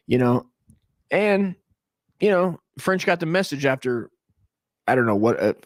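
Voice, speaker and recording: An American man in his forties hosts a comedy stream, his fairly high voice unhurried. He rambles through a profane, excitable monologue, constantly restarting his sentences.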